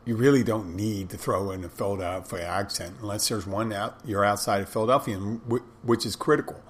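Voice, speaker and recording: Low-voiced man rambling on a podcast. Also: steady tone, brisk. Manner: rambling, conversational, self-correcting. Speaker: podcast host. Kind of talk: casual solo podcast monologue.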